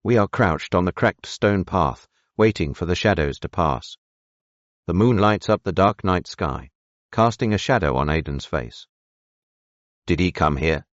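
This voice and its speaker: A man narrating a romance audiobook in the first person, steady, measured and intimate. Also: sits low, no echo, lo-fi sound.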